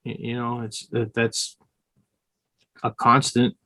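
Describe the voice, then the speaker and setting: A man chatting on a podcast tells his stories loosely, restarting his sentences and circling back. His voice stays level and flat, with little rise and fall. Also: medium pitch, slow pace. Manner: rambling, many restarts and fillers. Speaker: podcast co-host. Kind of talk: casual chat.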